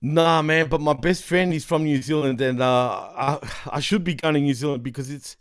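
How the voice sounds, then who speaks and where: An Australian man chatting as a guest on a podcast, his voice sitting a little high for a man. He talks in an animated, slangy way, swears freely and keeps slipping into mock accents. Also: normal speed, smooth. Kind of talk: casual chat.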